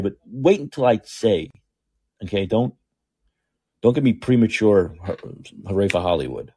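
Male podcast host, husky and mellow, lively sarcastic monologue with loud peaks and mumbled asides. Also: medium pitch. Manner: sarcastic, animated, swings from loud outbursts to muttering asides. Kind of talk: opinionated monologue. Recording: talking alone at home.

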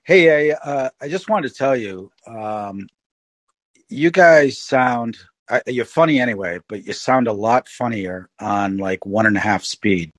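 A man's voice: medium pitch, lively intonation, a little slow, no room sound. A man calling in to a podcast, friendly and explaining things plainly. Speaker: caller. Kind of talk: casual chat.

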